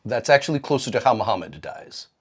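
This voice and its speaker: Animated, profane man retelling stories. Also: fast, breathy edge. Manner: profane, animated, acts out quoted characters with big pitch jumps. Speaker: podcast co-host. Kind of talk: irreverent comedic retelling.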